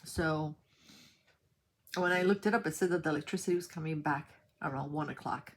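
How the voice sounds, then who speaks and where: Deep-voiced and talking a little fast, a New York woman vlogs while sorting her craft supplies. Her story rambles in a chatty way, and she grows animated whenever she retells what happened.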